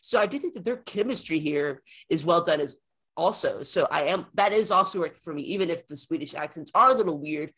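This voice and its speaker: A man's voice: on the high side, lively intonation, a little fast, bright, forceful tone. Rambling male podcast co-host. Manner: rambling, repeats words while thinking. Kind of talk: casual film review chat.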